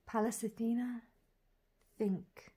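A woman walking through an oracle deck card by card, calling out each name and meaning with soft, gushing admiration. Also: fairly high pitch, fairly even intonation, takes it slowly, slightly rough. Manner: dreamy, admiring, lingers on single words; soft laughs and gushing asides. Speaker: tarot reader reviewing an oracle deck. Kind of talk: casual unboxing walk-through.

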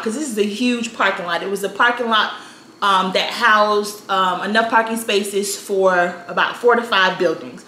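Sassy vlogger woman in her 30s, bright and animated, echoey room. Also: mid-range voice, moderate pace, slight background noise. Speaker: storytime vlogger. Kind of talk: casual storytelling. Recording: roomy echo, faint ambience.

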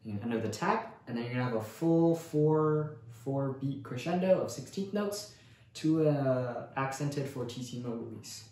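A man giving a casual percussion lesson in a relaxed way, counting rhythms aloud and often saying "cool". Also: mid-range voice, moderate pace. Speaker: percussion instructor. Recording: very echoey room, faint noise.

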